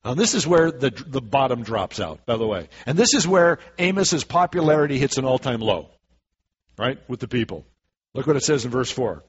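A preacher reading scripture aloud in a sermon, slowing down for the verses and adding lively asides with fillers. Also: male voice, mid-range voice, breathy edge. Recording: dull lo-fi recording.

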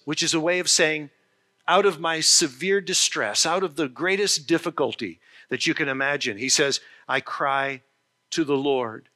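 A man preaching a sermon, earnest and explanatory, slowing down on key phrases and often restarting his sentences. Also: a little high, sharp tone. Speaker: pastor.

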